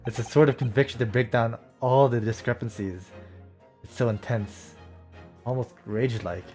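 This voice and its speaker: A man's voice: mid-range voice, moderate pace. Male streamer doing all the dialogue voices in a game playthrough; faint game music underneath. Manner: switches between character voices, excitable reactions.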